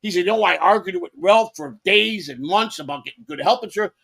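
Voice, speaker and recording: A man's voice: sits high, fairly quick, vocal fry, a bit bright. A man co-hosting a podcast, telling rambling stories with lots of repeats and swearing. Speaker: podcast co-host. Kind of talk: rambling casual storytelling.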